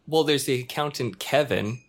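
A man's voice: medium pitch, normal speed, a loud crowd. A man chatting casually, swearing, full of "like" and fillers. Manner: laid-back, swearing, lots of "like". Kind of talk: casual chat.

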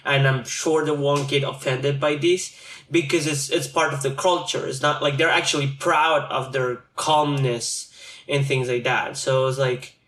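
A man's voice: medium pitch, steady tone, measured pace, a bit bright. Man chatting in an echoey room. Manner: loose, profane, rambling with many fillers. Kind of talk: casual chat.

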